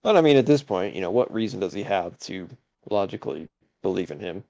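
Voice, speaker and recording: A man's voice: sits low, lively intonation, fairly quick, creaky, warm tone. A man co-hosting a casual sports podcast, talking hesitantly with many fillers and chuckling asides. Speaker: podcast co-host.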